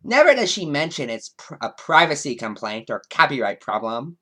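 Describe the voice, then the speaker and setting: A man's voice: on the high side, very animated, moderate pace, pushed and bright, slightly rough, heavily acted. Valley girl commenter, ditzy, voiced by a man. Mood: whiny. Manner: ditzy, sing-song. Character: valley girl-style young woman commenter.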